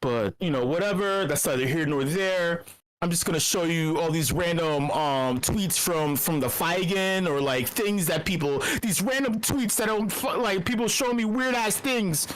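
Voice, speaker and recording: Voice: medium pitch, normal speed, low-quality recording. A meetup host ranting in casual commentary. They ramble, swear and stammer through repeated words, with a sarcastic, irreverent edge.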